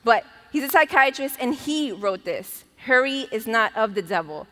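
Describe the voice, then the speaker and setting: A woman pastor preaches in a bright, ringing voice that sits a little high. She talks to the congregation in a conversational, emphatic way. Her words carry the long reverb of a large church hall. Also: animated, normal speed. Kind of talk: sermon. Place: church auditorium.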